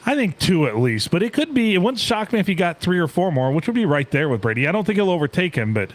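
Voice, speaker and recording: Jokey podcast guy, pitch bouncing all over, a bit high. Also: sing-song, quick pace. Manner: jokey, laughs often, plays bits. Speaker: podcast host. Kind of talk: casual chat.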